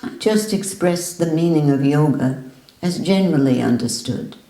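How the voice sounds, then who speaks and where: A woman's voice: low-pitched, lively intonation, normal speed, mellow, roomy sound, recorded from a distance, low-quality recording. A woman voicing an earnest male visitor who replies politely to a teacher's challenges. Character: earnest male visitor defending his view.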